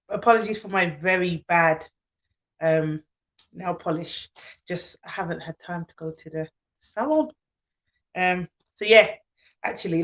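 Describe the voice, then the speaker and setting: On a casual live stream, a sleepy nanny and childcare expert talks in a fairly low, somewhat bright voice. Laughter comes often, the conversation flows easily, and she says hello to viewers by name. Sound comes from a phone or laptop and is dull and lo-fi.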